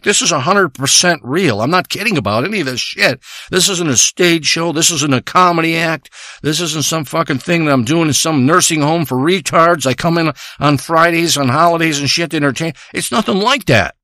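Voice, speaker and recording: A man's voice: a little high, pushed and bright, no echo, studio quality. A man delivering a crude, rambling comic monologue, ranting and swearing as he tells a story.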